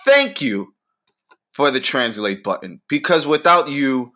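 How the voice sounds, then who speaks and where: Bright-voiced man ranting loudly. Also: measured pace. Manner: animated ranting, swearing, sudden pitch jumps. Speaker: podcast host. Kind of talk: profane comedic rant.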